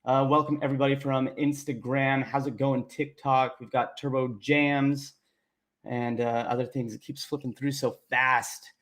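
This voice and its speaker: Young male livestream host, average pitch, upbeat and chatty, casual instructor vibe. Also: level tone, moderate pace, a bit bright. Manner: upbeat, chatty, reads viewer names aloud. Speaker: coding instructor hosting a livestream.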